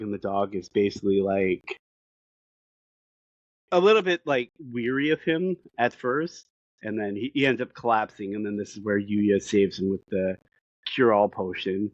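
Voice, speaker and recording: Excitable man recapping an anime, lo-fi. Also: lowish voice, moderate pace, no echo. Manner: animated storytelling with frequent laughs. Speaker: podcast co-host. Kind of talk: casual episode recap. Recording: dull dry lo-fi sound.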